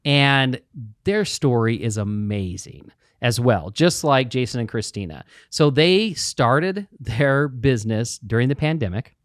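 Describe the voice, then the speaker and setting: Brief: male podcast co-host, mid pitch, storytelling manner, dry close mic. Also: measured pace, no echo. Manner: storytelling, animated retelling of quotes. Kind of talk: casual business podcast chat.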